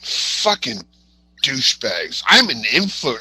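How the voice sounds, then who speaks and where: A man's voice: medium pitch, very animated, measured pace, sharp tone, husky, low-quality recording. A man co-hosting a podcast, ranting bluntly and swearing constantly in casual chat. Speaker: podcast co-host.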